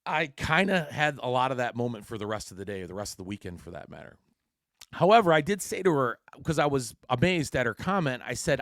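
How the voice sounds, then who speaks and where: A man's voice: medium pitch, very animated, a little fast, fairly bright tone, dry recording, studio quality. A man hosting his own podcast, telling a story in a blunt, rambling way full of swearing. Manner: blunt and heavily profane, rambling with frequent restarts. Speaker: podcast host. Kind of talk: casual solo podcast storytelling.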